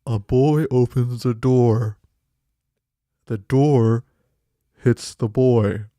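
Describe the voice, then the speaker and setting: Guy doing a sad solemn fill-in host, super slow and droopy, dry mic. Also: medium pitch, no room sound. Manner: slow, flat, mournful delivery. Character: gloomy solemn male stand-in host. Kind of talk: comedy podcast bit.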